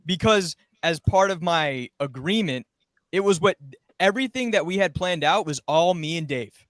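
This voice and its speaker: A man's voice: fairly high pitch, animated, normal speed, no echo. A young man and former podcast intern, telling a rambling story in casual chat and acting out quoted lines.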